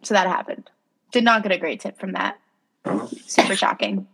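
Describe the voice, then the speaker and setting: A young woman co-hosting a relaxed podcast, her voice sitting in the middle of the range. She laughs often and tells her stories in a loose, rambling way, with fillers throughout. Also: mid-range voice, normal speed, gravelly, husky. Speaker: podcast co-host. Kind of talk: casual chat.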